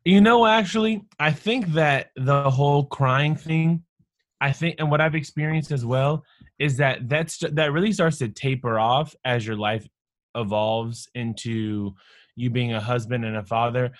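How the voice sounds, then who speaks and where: A man's voice: medium pitch, a little slow, no room sound, studio quality. A man in his thirties, a married father, talking casually and reflectively on a podcast, in long earnest phrases. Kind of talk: casual chat.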